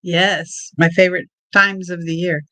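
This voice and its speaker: A woman's voice: lowish voice, steady tone, unhurried, bright, forceful tone, dry recording. A woman guest on a spiritual live stream, talking in an earnest, upbeat way. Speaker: guest healer. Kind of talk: conversational interview.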